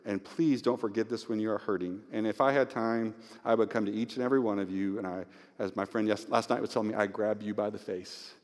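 A male pastor preaching an Easter sermon with scripture reading, emotional and swinging from hushed tones to near-shouting. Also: lowish voice, steady tone, brisk. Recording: long hall reverb.

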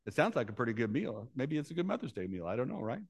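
A man's voice: medium pitch, sing-song, fast talker, creaky, slightly rough. Guy preaching a sermon, chatty, keeps asking the room questions, does little voices for the bible folks. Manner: conversational, asks the congregation questions; acts out the voices of Bible characters.

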